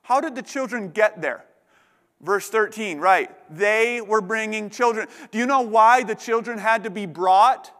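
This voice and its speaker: High-voiced impassioned preacher in a hall. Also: male voice, measured pace, a bit bright. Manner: impassioned, repeats words as he builds. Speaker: pastor. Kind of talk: sermon.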